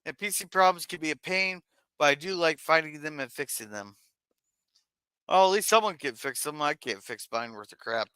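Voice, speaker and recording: A man hosting a casual livestream, reading viewer messages aloud in a chatty, halting way. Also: on the high side, expressive, pushed and bright, clear, resonant tone, no room sound. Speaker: stream host reading chat.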